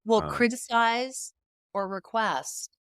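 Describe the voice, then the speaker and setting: A middle-aged woman, a guest in a conversational interview, tells stories with animation and emphasis, acting out the quoted dialogue. Her voice is on the high side, clean and slow, captured in a clean studio with no echo.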